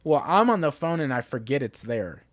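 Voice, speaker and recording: A young adult man, a podcast guest, telling stories in relaxed casual chat and swearing casually. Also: mid-range voice, moderate pace.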